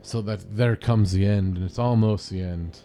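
A man co-hosting a podcast, chatting casually and recapping a TV show in a jokey, rapid-fire way. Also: on the low side, fairly even intonation, mellow, soft background music. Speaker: podcast co-host.

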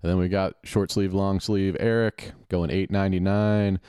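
A man with a fairly low voice narrates a game show episode as it plays, tossing in mocking jabs and quick asides. The sound is dry and close to the mic, like a home podcast setup. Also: flat delivery, warm tone, clean tone, dry recording. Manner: sarcastic, mocking running commentary with quick asides and laughs. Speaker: podcast host. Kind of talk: casual play-by-play of a TV game show.

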